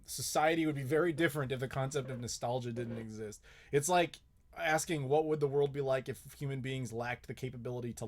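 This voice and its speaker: Blunt, profane man answering questions live. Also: medium pitch. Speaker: host. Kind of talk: live Q&A, casual chat.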